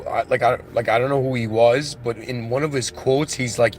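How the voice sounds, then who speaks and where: A man's voice: mid-range voice, steady tone, normal speed, few pauses, darkish tone, faint music behind. A man giving a philosophical monologue, earnest and growing emotional as he talks. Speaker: channel host.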